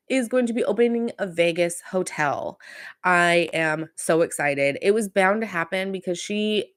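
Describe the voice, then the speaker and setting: A woman's voice: on the low side, a bit bright, clean tone, no echo, studio quality. A woman from Southern California hosting a casual pop culture podcast, rambling chattily with fillers and self-corrections. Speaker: podcast host.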